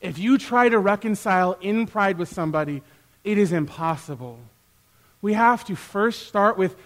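A man with a high, light voice preaches a sermon to his church. He speaks in an animated way, acting out little back-and-forth exchanges and getting louder as he does. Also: normal speed. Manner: animated, acts out quoted exchanges with rising loudness. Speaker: pastor; youth worker.

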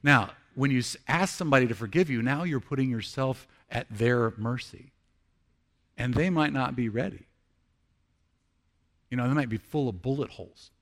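A middle-aged male pastor preaching with an earnest tone. His voice sits at an ordinary pitch, and he swings from emphatic, raised lines to hushed, slow ones. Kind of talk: sermon.

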